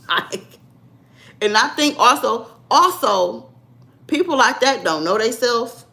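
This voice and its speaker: A woman's voice: fairly high pitch, expressive, a little slow, vocal fry, bright, forceful tone. A young woman, talking bluntly and sassily to her livestream viewers in a casual chat. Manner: blunt, sassy, talks straight to viewers. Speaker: livestream vlogger.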